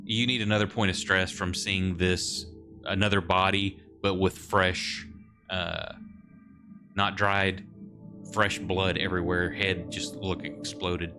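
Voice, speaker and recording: A man with a very deep voice runs a tabletop game as game master. He rambles through rules and scene setups with lots of fillers, with clear music playing underneath. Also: little pitch movement, slow pace. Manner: loose, rambling rule explanations with fillers.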